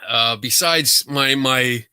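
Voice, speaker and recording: A man hosting a podcast, telling a story in a casual, animated, rambling way from a home setup. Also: medium pitch, takes it slowly, smooth, no room sound, clean studio sound. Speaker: podcast host. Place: home setup for a virtual show.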